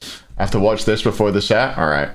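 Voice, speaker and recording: A man with a lowish voice calls the picks on a live esports stream and jokes with his chat as he goes. His delivery swings around a lot in pitch. The whole thing sounds easygoing and casual. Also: lively intonation, a little fast. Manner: joking, chatty banter with chat. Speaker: esports caster and stream host.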